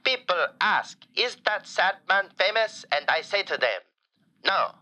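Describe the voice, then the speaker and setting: An effusive falafel shop owner. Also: male voice, high voice, measured pace, full character voice. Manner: effusive, broken grammar, playful deadpan jokes. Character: doting male falafel shop owner, flamboyant. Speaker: caller.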